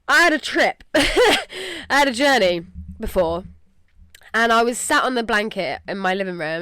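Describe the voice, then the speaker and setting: A woman's voice: a little high, animated, moderate pace, long pauses, bright, forceful tone, smooth, dry recording. A young English woman hosting a podcast, talking candidly and emotionally in a rambling way full of "like". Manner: rambling, emotional, heavy use of "like". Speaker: podcast host. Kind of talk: candid casual podcast talk.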